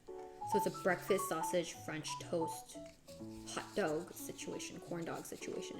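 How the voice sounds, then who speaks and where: Chatty woman cooking on a stream, music behind. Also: normal speed. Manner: chatty, thinks aloud, reads chat and answers it; bursts into high excited exclamations. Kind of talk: casual cooking stream chat. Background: background music.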